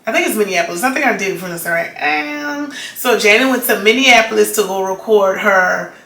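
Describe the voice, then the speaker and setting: Woman vlogger, casual rambling chat, sharp bright tone, roomy echo. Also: mid-range voice, fairly quick. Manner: chatty, rambling, many "like"s and restarts. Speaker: vlogger reviewing a documentary.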